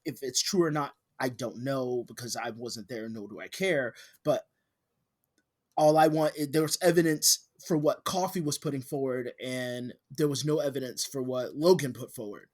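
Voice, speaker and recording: A man's voice: mid-range voice, moderate pace. A man co-hosting a podcast, chatting casually and ranting, getting heated and profane. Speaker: podcast co-host. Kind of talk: casual chat.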